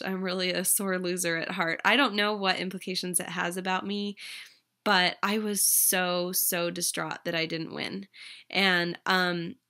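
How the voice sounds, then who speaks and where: A young adult woman casually telling a personal story to the camera, chatty, with many ums and restarts and animated quoted lines. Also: mid-range voice. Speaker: vlogger.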